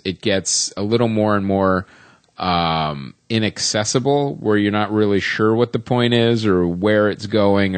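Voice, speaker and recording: A man's voice: lowish voice, no room sound. A man co-hosting a film podcast, reviewing a movie in casual chat, rambling with many ums and restarts.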